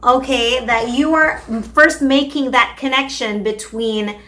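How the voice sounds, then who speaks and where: Bright, high-voiced woman teaching parents. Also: unhurried. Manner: animated, exaggerated sing-song when modeling words for a child. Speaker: speech therapist teaching parents. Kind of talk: instructional video for parents.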